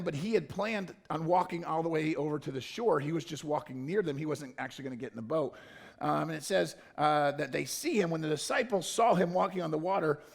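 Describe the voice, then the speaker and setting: A man's voice: on the high side, vocal fry. A man preaching a casual, conversational sermon as a pastor, joking and wandering into loose asides. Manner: informal, joking, rambling asides. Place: church.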